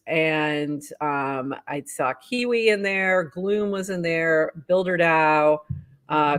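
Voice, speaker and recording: Low-voiced woman co-hosting a chat show. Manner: upbeat, reads posts aloud, laughs often. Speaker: podcast co-host. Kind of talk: casual news roundup chat.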